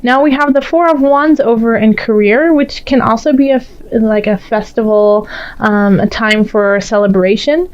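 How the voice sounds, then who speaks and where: This woman speaks a little high at a moderate pace, with a smooth, darkish tone and lo-fi sound. She gives a casual tarot reading, chatty and full of fillers, and often laughs as she talks.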